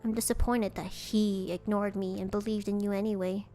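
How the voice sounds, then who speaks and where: A woman's voice: mid-range voice, little pitch movement, normal speed, mellow, faint music behind, close to an everyday voice. A woman voicing a cold, haughty male spirit who speaks with mocking contempt, in a fan-made dating game. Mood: contemptuous.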